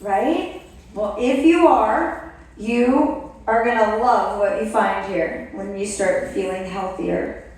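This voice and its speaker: Woman, testimonial talk, animated storytelling, slow pace, distant echoey hall. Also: medium pitch. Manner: animated storytelling, acts out her own past reactions. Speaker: speaker at a wellness product event. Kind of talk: motivational testimonial talk to an audience. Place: event hall. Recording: echoey room, voice from far off the mic.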